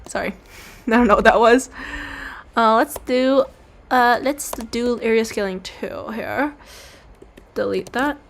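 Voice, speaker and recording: Speaking slowly with frequent pauses, a young woman with a slightly high voice chats as she draws on a stream. She meanders, apologizes, makes fun of herself and breaks into silly voices, with a bit of hiss or hum in the background.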